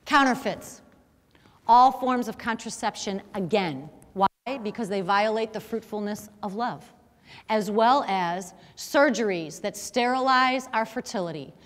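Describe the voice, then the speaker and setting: A middle-aged woman delivers an emphatic, preachy talk to a young crowd, firing off rhetorical questions. Her voice sits high. The sound rings with the long echo of a large hall. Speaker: speaker. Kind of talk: chastity talk to young audience.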